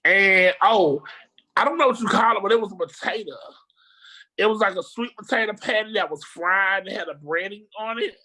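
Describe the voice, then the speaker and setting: A speaker on a video call, telling a rambling, animated story in casual chat, with slang and swearing. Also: mid-range voice, moderate pace.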